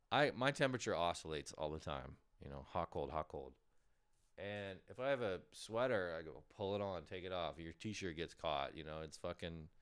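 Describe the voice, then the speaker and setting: A man's voice: deep voice, fairly bright tone, smooth. A man hosting a casual comedic monologue from home, rambling, self-mocking and swearing freely. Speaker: podcast host.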